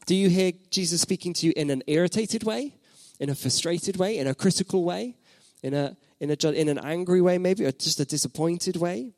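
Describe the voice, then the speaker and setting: A man's voice: high-pitched, brisk, hardly any pauses, darkish tone, no echo. A man in his thirties preaching a sermon as pastor, reflective, asking his listeners questions and repeating phrases for emphasis.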